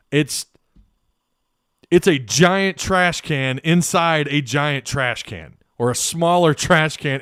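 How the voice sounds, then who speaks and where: A man's voice: mid-range voice, a bit bright, clear, resonant tone, dry recording, clean studio sound. A man hosting a live sports podcast stream, blunt and opinionated, swearing freely and reading chat aloud. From Arkansas. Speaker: podcast host. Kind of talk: casual live-stream commentary.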